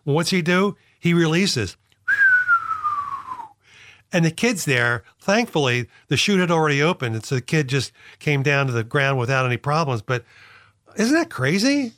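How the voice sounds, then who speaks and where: A man co-hosting a casual chat show, cracking deadpan jokes. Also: on the high side, moderate pace. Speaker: podcast co-host.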